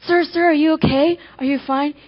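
An eager teenage boy, put on by a woman in a sermon illustration, tumbling out anxious questions and excited offers of help. The voice sits high and bright, and the recording is dull and lo-fi. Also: close to an everyday voice. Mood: concerned. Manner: excited, concerned, quick questions. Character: eager, caring teenage boy helping a stranger.

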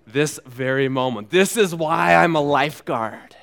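A pastor telling a dramatic story in a sermon, dropping to a hush and rising again, and asking listeners to repeat after him. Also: male voice, a little high, unhurried, creaky. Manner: dramatic, swings from hushed to loud.

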